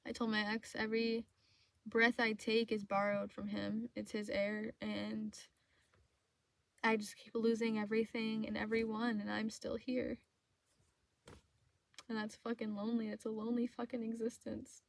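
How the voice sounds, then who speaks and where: A woman's voice: a little high, flat delivery, vocal fry, no echo. Tearful woman vlogging from her car. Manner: halting, repeats herself, swears. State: tearful, choked up. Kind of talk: emotional confessional vlog. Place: inside a parked car.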